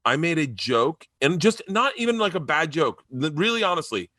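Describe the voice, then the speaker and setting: A man's voice: normal speed, no room sound. Middle-aged guy telling wild stories on a podcast, does all the voices, dry close sound. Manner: animated, acts out quoted voices with big pitch jumps. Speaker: guest comedian. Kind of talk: storytelling in casual chat.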